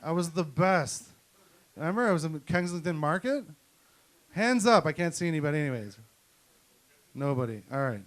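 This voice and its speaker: A man's voice: a little high, expressive, moderate pace, long pauses. A middle-aged man from Canada doing a crude, profane stand-up set, ranting through his stories at a comedy night. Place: comedy night at a venue with an audience.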